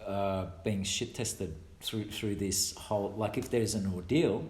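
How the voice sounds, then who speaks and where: Low-pitched relaxed male co-host, roomy recording with faint noise. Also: measured pace. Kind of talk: casual podcast chat.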